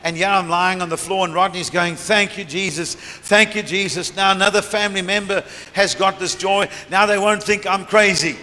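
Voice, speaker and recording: A man's voice: high voice, steady tone, fairly quick, hardly any pauses, sharp tone. A middle-aged man preaching, telling a story from the pulpit and often laughing as he goes, recorded in a large church hall. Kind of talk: sermon testimony. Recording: reverberant church hall, faint room noise.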